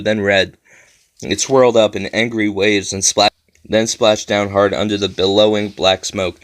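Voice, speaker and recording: A man narrating a children's horror story with steady storytelling. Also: fairly low pitch. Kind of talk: reading a horror story aloud.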